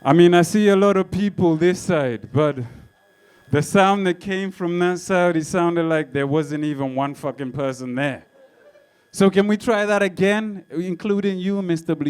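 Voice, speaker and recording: A man working a live comedy club crowd, brash and full of swearing as he tells his story. His voice is clear and smooth, and it sits a little higher than most men's. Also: moderate pace, a little mellow. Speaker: stand-up comedian. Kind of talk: stand-up comedy set with crowd work. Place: comedy club stage before a live audience.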